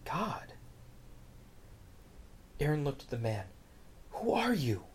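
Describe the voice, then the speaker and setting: A preacher voicing a confused, humble young man, asking hesitant, soft questions. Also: medium pitch, sing-song, slow pace, slight background noise. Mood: puzzled. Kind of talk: storytelling sermon.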